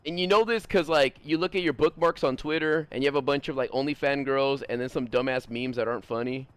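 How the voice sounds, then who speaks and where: A man's voice: mid-range voice, quick pace, clear, resonant tone, dry recording. A young man streaming, talking casually in a blunt, profane, rambling way full of fillers. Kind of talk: casual livestream chat.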